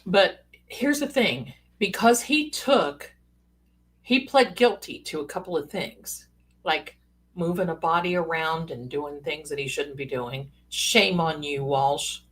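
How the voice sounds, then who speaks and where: A woman's voice: low voice, takes it slowly, fairly bright tone. Chatty folksy woman streaming live. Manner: chatty, folksy, sassy asides. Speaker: psychic livestream host. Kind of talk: casual live-stream chat.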